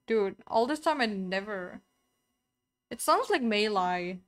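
A young woman chatting on a game live stream in a fairly high voice. She talks at an unhurried pace, playful and quick to giggle at her own word games. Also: expressive, a bit bright. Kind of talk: casual live-stream chat while gaming.

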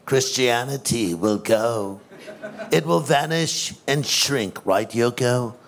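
A man doing a mock impression of a famous male rock musician in a slow, lowered drawl.

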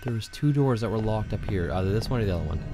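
A man's voice: fairly low pitch, lively intonation, very fast. A man hosting a horror game let's play, jittery and joking nervously, with frequent swearing. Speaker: gaming channel host. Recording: game music loud behind the voice. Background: game music.

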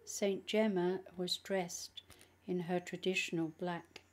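A woman reading a nonfiction book aloud in a measured, careful way. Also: medium pitch. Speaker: audiobook reader. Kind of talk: audiobook narration.

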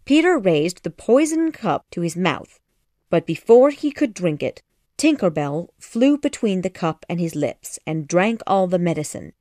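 A woman narrating a children's classic audiobook in a measured, expressive storytelling manner. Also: on the low side, dry recording, studio quality.

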